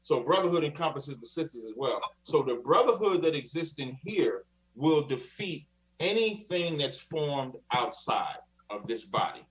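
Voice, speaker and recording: A man's voice: fairly high pitch, lively intonation, normal speed. Preachy man, distant mic. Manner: preachy, insistent. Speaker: guest in a live debate. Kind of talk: heated live-stream debate.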